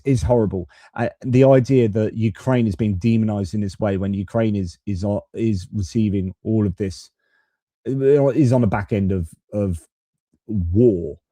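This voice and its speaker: A man's voice: on the low side, warm tone, dry recording. A man hosting a live stream of off-the-cuff political commentary, with loose talk and restarts. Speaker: host.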